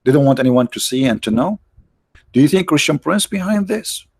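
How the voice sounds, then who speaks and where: A man's voice: fairly high pitch, animated, fairly quick, breathy edge, dry recording. A man hosting a livestream, giving mocking, sarcastic religious debate commentary in broken English. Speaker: livestream host.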